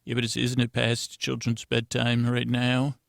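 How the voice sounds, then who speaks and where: A man's voice: mid-range voice, completely flat delivery, moderate pace, creaky, dry recording, studio quality, natural voice. A man playing a bumbling fake anthropologist who stammers meekly through a request. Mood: pleading. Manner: stammering, hesitant, meek.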